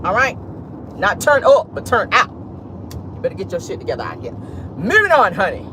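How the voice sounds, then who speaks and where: Brief: lively, bawdy gossip host talking from a car, street noise behind. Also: medium pitch, brisk. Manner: animated, bawdy, laughing asides with "honey" and "child". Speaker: vlogger host. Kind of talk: casual celebrity-gossip commentary. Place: parked car. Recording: noisy car interior.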